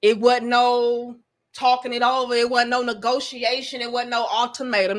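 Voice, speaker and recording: A woman hosting a casual livestream, reading chat comments and giving blunt, profane, animated advice. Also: on the high side, moderate pace.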